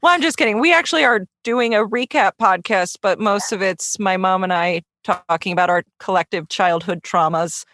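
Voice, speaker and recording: A woman's voice: medium pitch, normal speed, few pauses, fairly bright tone, dry recording, studio quality. A woman chatting casually as a podcast guest, giggly and self-mocking. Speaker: guest cohost.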